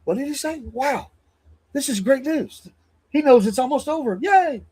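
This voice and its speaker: A man voicing a giddy political opponent, gloating in a squealing, excited way. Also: very high voice, moderate pace, pitched above the performer's own voice.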